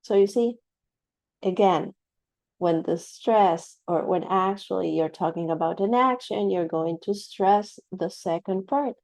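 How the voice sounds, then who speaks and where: Woman English teacher, unhurried explainer, dry close sound. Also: medium pitch, gravelly, darkish tone, dry recording, poor audio. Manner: explaining, checks in with "right?". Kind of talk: scripted pronunciation lesson.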